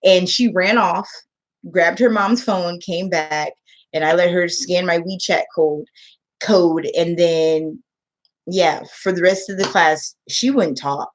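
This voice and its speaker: A woman's voice: fairly low pitch, fairly even intonation, slow. A woman who tutors English online, telling a story to camera in casual chat and acting out the quotes. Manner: emotional storytelling, acts out quotes.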